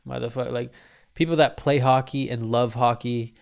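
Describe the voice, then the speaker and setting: A man's voice: mid-range voice, fairly even intonation, normal speed, creaky. A man hosting a comedy podcast, telling a rambling, profane story full of restarts. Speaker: podcast host.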